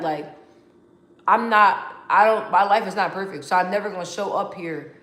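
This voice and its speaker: Heard with a roomy echo, a young adult woman speaks in a mid-range, fairly bright voice at normal speed. Her vlog is casual and heartfelt, candid and emotional, rambling along with frequent restarts and repeated words.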